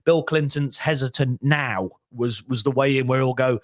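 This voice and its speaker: A man's voice: mid-range voice, animated, moderate pace, no room sound. Chatty male comedian guest, dry close sound. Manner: rambling, many restarts, self-deprecating. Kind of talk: casual podcast interview.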